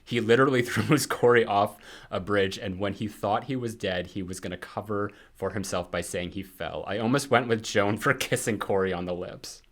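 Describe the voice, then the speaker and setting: A man's voice: lowish voice, moderate pace, a bit bright. A man co-hosting a podcast in casual chat, reading out listener comments and laughing often. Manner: chatty, laughs often, fillers.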